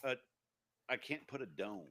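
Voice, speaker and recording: Bright-voiced man telling stories. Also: medium pitch, expressive, unhurried. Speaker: podcast co-host. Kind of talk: casual chat.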